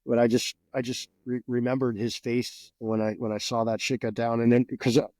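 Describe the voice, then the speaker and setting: Middle-aged guest from New Jersey, swears freely, animated storyteller, dry close sound. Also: male voice, mid-range voice, fairly quick, no room sound. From New Jersey, USA. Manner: profane, animated, repeats words. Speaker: guest, Green Beret veteran. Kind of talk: casual storytelling.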